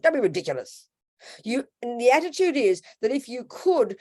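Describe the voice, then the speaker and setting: A woman's voice: on the high side, normal speed. Lady giving a dharma talk, blunt and informal, does little voices for the quotes. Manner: animated, acts out quoted voices. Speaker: Buddhist teacher.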